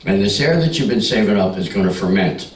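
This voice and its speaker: A male stand-up comic working a club crowd, brash and teasing, his pitch swinging up and down as he sells each joke. He sounds a bit off the mic, with an echoey room around him. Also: expressive, fairly quick, recorded from a distance. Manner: brash, teasing, bawdy banter with the audience. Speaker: stand-up comedian. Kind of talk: stand-up comedy with crowd work. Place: comedy club stage.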